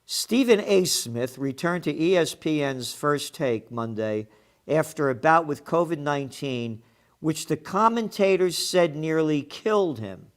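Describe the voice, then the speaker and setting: A man's voice: fairly high pitch, expressive, measured pace. A man hosting an opinionated news commentary show, blunt and sarcastic, with profane heated outbursts. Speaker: host of a trends commentary show.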